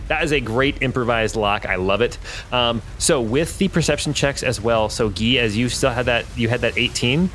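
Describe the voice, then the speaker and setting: A man's voice: mid-range voice, normal speed, a bit bright, a little hiss or hum. A man narrating as game master of a tabletop adventure, describing scenes with frequent hesitations and fillers.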